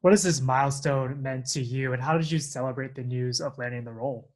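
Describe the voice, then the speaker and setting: A man interviewing a young actor, asking upbeat, steady questions. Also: medium pitch, brisk.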